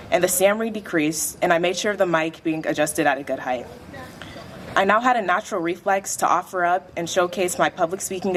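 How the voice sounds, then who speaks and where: A graduating teenage girl reads a prepared speech at a school awards dinner into a microphone, in a measured, reflective way. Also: fairly low pitch, slight background noise. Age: late teens. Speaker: graduating student speaker. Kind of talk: prepared speech read aloud.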